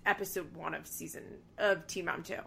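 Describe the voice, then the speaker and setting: A woman's voice: on the low side, fairly quick, creaky, husky. Chatty young woman, casual podcast talk. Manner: chatty, animated, lots of "like". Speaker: podcast host. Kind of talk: casual chat.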